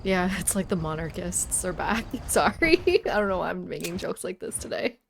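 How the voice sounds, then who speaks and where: A woman's voice: on the low side, very animated, moderate pace, creaky, slight background noise. A woman streaming a video game, making wry, joking asides. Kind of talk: casual gameplay commentary.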